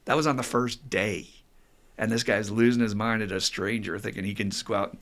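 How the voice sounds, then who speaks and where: A middle-aged man, hosting a podcast as an addiction counselor and telling stories in a lively way. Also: on the low side, brisk, a little hiss or hum. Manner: lively storyteller who acts out quotes with laughs. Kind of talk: casual podcast monologue.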